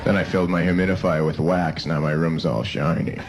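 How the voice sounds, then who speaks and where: A man delivering deadpan stand-up one-liners. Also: very deep voice, fairly quick, a loud crowd. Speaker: stand-up comedian. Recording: heavy background noise.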